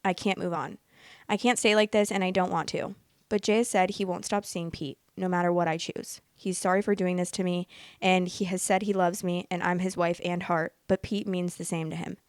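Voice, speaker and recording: A woman in her late twenties hosting a podcast, chatting casually and reading posts aloud in a candid, excitable way, swearing freely. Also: fairly low pitch, normal speed, no echo, clean studio sound. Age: late 20s. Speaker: podcast host reading Reddit stories.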